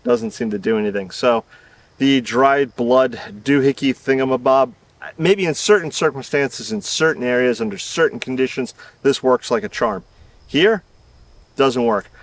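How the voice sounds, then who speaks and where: Out in his garden, a gardening channel host from the Southern United States, a middle-aged man with a mid-range voice, talks casually to camera in a rambling, self-deprecating way, chuckling as he goes. The camera mic is placed a bit away from him, which makes him sound slightly distant.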